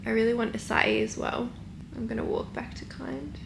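Australian woman, casual vlog chat, higher voice, echoey room. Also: animated, normal speed, vocal fry, very noisy. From Melbourne, Australia. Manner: chatty, candid, swears casually. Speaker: vlogger. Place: hotel room and streets outdoors.

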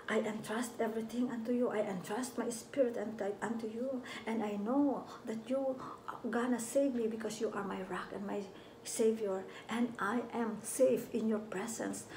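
A Filipino woman preacher reads scripture slowly and earnestly, slipping into soft whispers now and then. Her voice has a gravelly edge, and it sounds like an echoey room with a faint hiss behind her. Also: medium pitch. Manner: slow, earnest reading with soft whispered asides. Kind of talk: devotional scripture reading and sermon.

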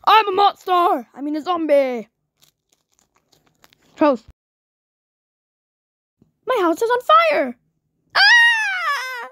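A very high, squeaky woman's voice doing goofy cartoon characters with a lot of shrieking. She speaks slowly and drags her words out. The sound is close and dry, with music playing underneath. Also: big pitch swings, fairly bright tone, no echo. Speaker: animator voicing cartoon characters. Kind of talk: homemade cartoon voice acting.

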